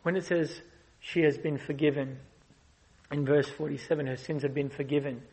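A man preaching a sermon as a guest preacher, swinging between loud, passionate rises and soft, slow explanation. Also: a little high, steady tone, low-quality recording.

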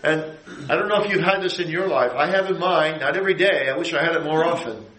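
Man preaching, middle-aged, fairly high voice, emphatic rising peaks, roomy echo. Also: quick pace, a bit bright, slight background noise. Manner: rising to emphatic high climaxes, then dropping low. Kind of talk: sermon.

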